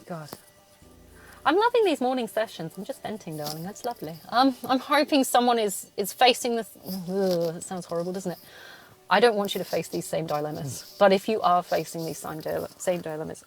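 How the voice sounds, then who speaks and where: Blunt, sweary woman venting. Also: lowish voice. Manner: blunt, swears a lot, laughs often. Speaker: podcast host. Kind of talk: solo venting podcast. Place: in a car.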